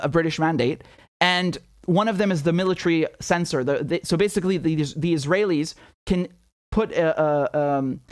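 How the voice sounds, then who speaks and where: Heated, sarcastic and profane, this young independent political commentator runs a live stream in a high-pitched voice, tripping over restarts and reading out viewer donation messages. The audio is studio quality with no room sound.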